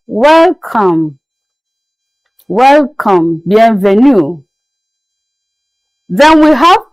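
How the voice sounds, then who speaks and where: A woman's voice: medium pitch, darkish tone, no room sound, rough recording. A woman teaching basic French phrases in a patient, repetitive classroom manner. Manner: patient, repeats each word slowly. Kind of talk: slow classroom-style lesson.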